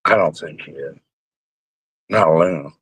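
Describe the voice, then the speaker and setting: A man's voice: a bass voice, unhurried, fairly bright tone, breathy edge, no echo, low-quality recording. A man chatting casually and rambling with his viewers on a live stream, sounding like he has a bad cold. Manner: rambling, salty, joking.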